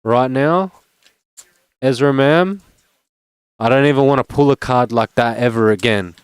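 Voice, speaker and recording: This young vlogger chats casually as he unboxes trading cards, wandering off topic and joking at his own expense. He speaks unhurriedly at medium pitch, with a clean tone and no echo.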